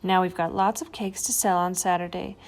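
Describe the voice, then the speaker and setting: Woman doing a polite schoolteacher, grateful, low, plain, storybook. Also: fairly even intonation, fairly quick, natural voice.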